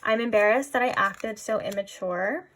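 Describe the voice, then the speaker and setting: A woman giving a casual pick-a-card tarot reading, rambling and filling her talk with "like", often dropping into soft, musing asides. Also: mid-range voice, moderate pace, a little hiss or hum. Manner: rambling, heavy use of "like". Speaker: tarot reader.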